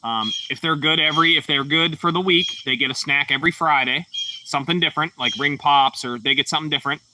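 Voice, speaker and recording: A man's voice: a little high, fast talker, distant mic, background noise. A man from Pittsburgh, chatting casually on a livestream and reading out chat comments in a laid-back, rambling way with lots of fillers. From Pittsburgh, Pennsylvania. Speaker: livestream host.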